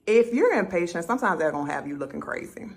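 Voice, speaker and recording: A young woman vlogging casually, telling a story and acting out her own conversations in an animated way. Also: lowish voice, quick pace.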